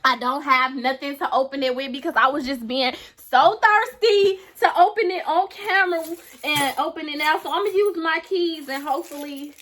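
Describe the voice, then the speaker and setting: A woman's voice: high voice, steady tone, a little fast, few pauses, sharp tone. A woman vlogging casually to her viewers, earnest and gushing as she talks straight to them. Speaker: beauty YouTuber. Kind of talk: casual vlog to camera.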